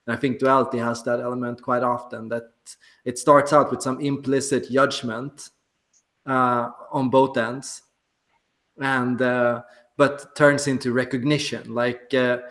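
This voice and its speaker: A man's voice: medium pitch, a bit bright. A man in casual group discussion, reflective and hesitant, with many fillers.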